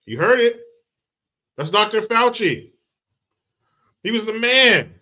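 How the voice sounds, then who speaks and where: A man's voice: high-pitched, animated, slow, pushed and bright. A man from the United States hosting a commentary show, ranting with sarcastic, crude, combative talk. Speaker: commentary channel host.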